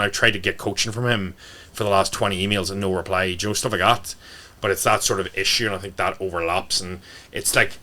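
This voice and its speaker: A man's voice: low-pitched, bright, forceful tone. A man, a fitness coach guesting on a podcast, talking bluntly and swearing freely. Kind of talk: casual podcast talk.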